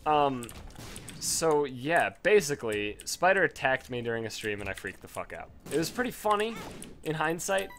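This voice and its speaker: A man rambling through casual gameplay commentary, telling a story with lots of swearing and sudden excited jumps in pitch. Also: moderate pace, a little hiss or hum.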